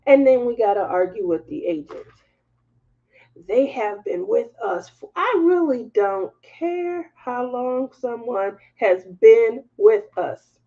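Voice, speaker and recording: A woman hosting a craft livestream, telling a story to her viewers in candid, animated casual chat and laughing as she goes. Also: a little high, slow, highs cut off.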